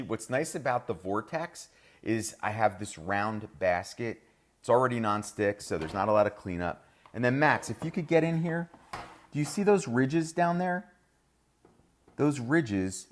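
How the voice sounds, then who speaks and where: Chatty New Jersey man hosting a cooking demo. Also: fairly low pitch. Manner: chatty, enthusiastic, talks straight to viewers. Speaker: chef and host. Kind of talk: live cooking demonstration.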